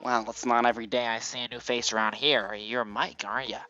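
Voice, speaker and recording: A big, made-up female ape from a cartoon life game, as a man plays her, drawling and self-assured. Her tone is bright and sharp. The recording is slightly muffled. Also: mid-range voice, steady tone, a little fast, faint music behind, lightly acted. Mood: smug.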